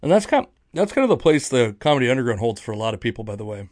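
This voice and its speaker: A man's voice: mid-range voice, very animated, rapid-fire, darkish tone, no echo. A young man, a stand-up comedian, telling road stories in a rambling, self-mocking monologue with many restarts. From Seattle area. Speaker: stand-up comedian, podcast host. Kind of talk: casual monologue.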